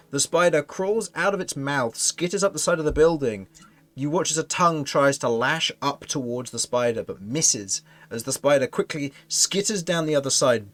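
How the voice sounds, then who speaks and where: A man's voice: medium pitch, fairly bright tone. Man running a tabletop game. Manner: rambling, self-correcting narration with frequent laughs. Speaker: game master.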